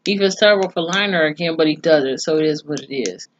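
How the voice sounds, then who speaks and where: Low-voiced woman recapping an episode. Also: fast talker, dull audio. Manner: profane, chatty storytelling with asides. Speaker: TV series reviewer.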